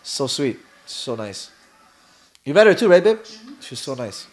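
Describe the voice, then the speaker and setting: A man's voice: mid-range voice, big pitch swings, a little slow. A young man with a Canadian accent hosts a live watch party, chatting casually, reading viewer comments and laughing often.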